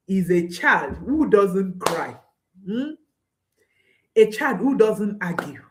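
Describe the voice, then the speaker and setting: A woman parenting coach giving an earnest, emphatic talk to camera, repeating her key points. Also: mid-range voice.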